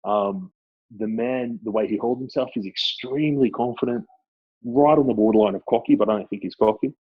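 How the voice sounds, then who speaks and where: A man with an Australian accent, a former club footballer, chatting casually as a guest and telling lively stories. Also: on the low side, fairly quick, breathy edge, dry recording, highs cut off. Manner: animated storyteller, laughs often. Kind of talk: casual chat.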